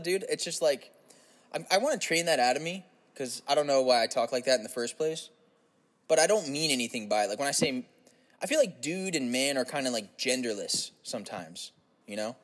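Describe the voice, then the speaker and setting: A young man riffing his way through a podcast monologue, casual and crude. His voice sits at an ordinary middle pitch, and he keeps breaking into silly voices. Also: fairly bright tone. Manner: casual, profane, slips into silly put-on voices. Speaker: podcast host. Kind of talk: rambling comic monologue.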